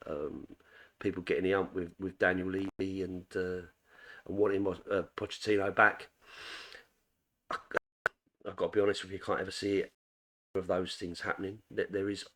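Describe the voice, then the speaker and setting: A middle-aged man casually reviewing a football match as a fan, rambling with frequent restarts. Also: low-pitched. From England. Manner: rambling, full of restarts and fillers.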